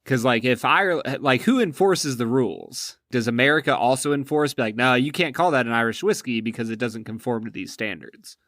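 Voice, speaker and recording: A man co-hosts a podcast in loose, casual talk, often asking curious questions. His pitch sits in the middle of the range. The recording is dry and close. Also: brisk, hardly any pauses, a bit bright, dry recording. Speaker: podcast co-host.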